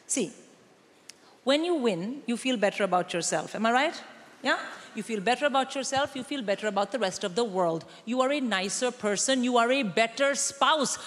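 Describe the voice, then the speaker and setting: A middle-aged woman with a fairly high voice does a stand-up set on a big theatre stage, mock-lecturing the audience in a punchy, conspiratorial way. The live theatre hall recording, audience included, carries slight background noise.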